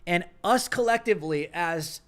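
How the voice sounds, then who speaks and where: A man's voice: high-pitched, expressive, normal speed, fairly bright tone. A young man hosting a political commentary livestream, talking in an impassioned way and hammering points through repetition. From United States. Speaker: livestream host.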